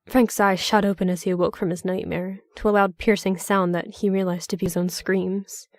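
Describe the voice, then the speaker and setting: A woman narrating a horror story in a measured, even storytelling manner. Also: medium pitch, slight background noise.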